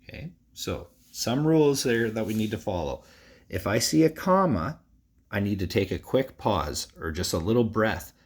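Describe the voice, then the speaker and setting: Male teacher, lowish voice, easygoing recorded lesson for young students, reads aloud with big expression. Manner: relaxed, chatty, with frequent fillers.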